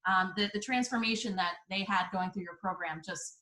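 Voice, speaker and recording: A woman who is a podcast guest, talking in an earnest, casual way with many pauses. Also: mid-range voice, bright, forceful tone, echoey room, low-quality recording. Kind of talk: casual interview chat.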